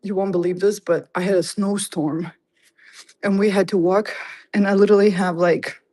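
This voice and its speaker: Out of breath while she walks, a woman hosting a livestream casually tours an old fort's museum, chatting and reading exhibit labels aloud to her viewers through a handheld phone. Her voice is medium-pitched and dark, with fairly even intonation and a moderate pace, in a low-quality recording.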